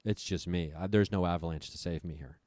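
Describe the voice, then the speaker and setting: Male guest, low voice, profane storyteller, dry mic. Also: a little fast, darkish tone, no echo. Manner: profane, breathless retelling. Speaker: podcast guest. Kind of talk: storytelling on a comedy podcast.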